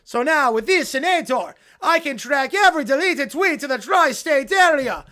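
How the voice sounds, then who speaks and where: A man voicing a petty, ranting evil scientist in a loud theatrical cartoon monologue. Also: very high-pitched, expressive, moderate pace, voice pushed up, full character voice.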